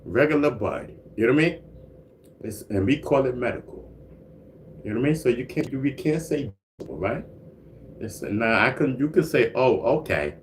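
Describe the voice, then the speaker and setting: A man's voice: mid-range voice, expressive, moderate pace, long pauses. Man, livestream host, laid-back rambling chat, faint background hiss. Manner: laid-back, repeats "you know what I mean", frequent laughs and coughs. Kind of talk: casual livestream chat reading out viewer comments. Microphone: single mic livestream.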